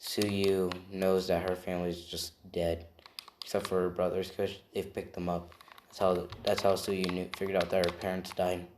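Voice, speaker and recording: A man's voice: sits low, level tone, moderate pace, darkish tone, echoey room, a little hiss or hum. A man improvising a fan story aloud, rambling and often correcting himself as he goes. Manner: rambling, self-correcting, tells it off the cuff.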